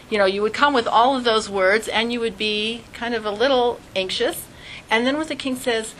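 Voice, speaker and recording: Woman teacher, bright tone, lively acted-out examples, faint hiss behind. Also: fairly high pitch, a little fast, rough recording. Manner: animated, acts out little scenes in quoted voices. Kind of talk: Jewish studies class lesson.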